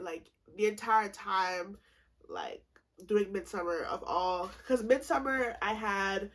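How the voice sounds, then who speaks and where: A woman in her twenties, speaking in a mid-range voice, tells a funny storytime vlog. She's animated and swears freely, playing both people in the conversation herself.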